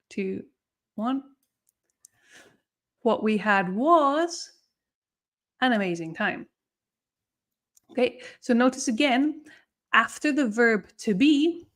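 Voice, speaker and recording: In a live online lesson, a woman with a medium-pitched voice explains English grammar patiently. She keeps checking in with her students by asking "okay?" and "no?".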